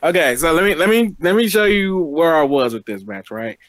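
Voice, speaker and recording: A man co-hosting a casual review chat, talking excitedly and repeating himself. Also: a little high, brisk, no echo, studio quality. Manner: chatty, repeats words when excited. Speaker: co-host.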